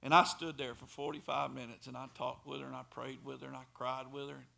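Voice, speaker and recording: Impassioned preacher, gravelly and bright. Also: male voice, medium pitch, level tone, a little fast. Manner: impassioned storytelling, building to shouted pleas. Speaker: pastor. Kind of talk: sermon. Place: church.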